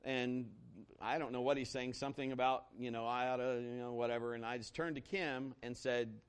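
Animated preaching man. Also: mid-range voice, brisk, clean tone. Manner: animated, conversational, swings from loud to hushed. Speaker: pastor. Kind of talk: sermon with personal storytelling.

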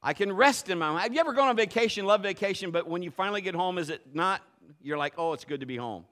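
A middle-aged pastor delivers a sermon with lively, conversational energy, acting out little quotes as he goes. His voice sits high and he moves along at a quick clip.

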